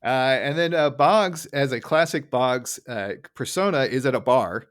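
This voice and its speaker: A man's voice: mid-range voice, expressive, moderate pace. A man co-hosting a podcast in casual chat, recapping an episode in an easygoing way with fillers and chuckles. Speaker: podcast co-host.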